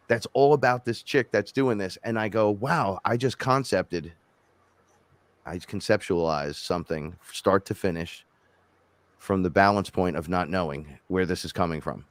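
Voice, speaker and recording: A rapper co-hosting a podcast, telling rambling, animated stories in casual chat and quoting himself along the way. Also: male voice, lowish voice, dry recording. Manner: rambling, animated storytelling with self-quotes.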